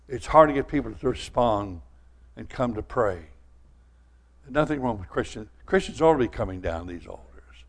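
An older man with a drawl delivers a sermon in a folksy, storytelling way. His voice sits at an ordinary middle pitch. He swings from loud, rising lines to quiet, earnest asides. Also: moderate pace. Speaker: pastor.

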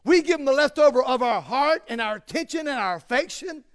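A male preacher with a strikingly high voice delivers a sermon in emphatic, repeated phrases. He drives each point home with stacked rhetorical questions. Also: expressive, a little fast.

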